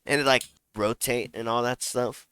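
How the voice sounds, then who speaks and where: A man's voice: mid-range voice, steady tone, moderate pace, a bit bright, smooth, no echo. A young man co-hosting a casual podcast chat, laid-back and crude in his jokes. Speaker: podcast co-host. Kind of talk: casual chat among friends.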